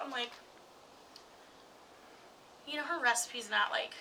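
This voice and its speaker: High bright-voiced woman telling a story. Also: a little slow, gravelly, recorded from a distance, a little hiss or hum, low-quality recording. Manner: animated, laughs often, acts out quoted voices. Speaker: podcast co-host. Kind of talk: casual chat, storytelling.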